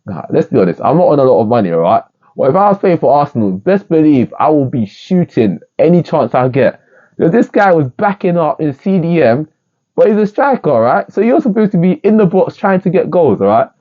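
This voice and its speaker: A man giving a casual, rambling review of a football match, jokey and excitable. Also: on the high side, fairly quick. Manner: excitable, rambling, jokey, with bursts of singing and quoting. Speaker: football fan vlogger. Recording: tinny phone-like sound.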